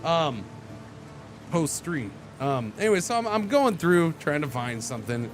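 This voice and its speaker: A man with a higher-leaning voice talks a little slowly over background music. Streaming a game, he tells a rambling, animated story in casual chat, restarting his sentences again and again.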